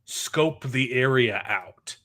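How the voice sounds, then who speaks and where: A man's voice: mid-range voice, slow pace, sharp tone. A man hosting a casual chat show, sarcastic and dismissive as he picks apart a TV series. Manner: sarcastic, dismissive, mocks scenes in put-on voices. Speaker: show host.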